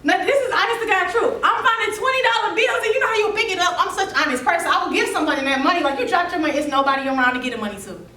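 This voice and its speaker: A woman telling her life story to a seminar audience, animated and laughing through it. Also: extremely high pitch, rapid-fire, hardly any pauses. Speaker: seminar speaker. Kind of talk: storytelling talk to a youth audience. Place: seminar room. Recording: echoey room, mic from a distance.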